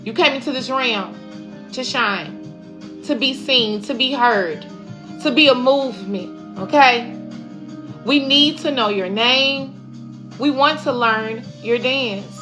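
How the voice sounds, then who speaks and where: A woman reads oracle cards for her audience in a fairly high, slow voice, with music running underneath. As a spiritual reader, she comes across as emphatic and preachy, using casual slang.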